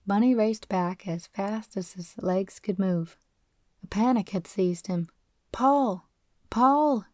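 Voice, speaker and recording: A woman narrates a classic novel for an audiobook, her reading steady and expressive. Her voice is mellow and warm, set at an ordinary pitch. The sound is dry and close to the microphone. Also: a little slow, no echo.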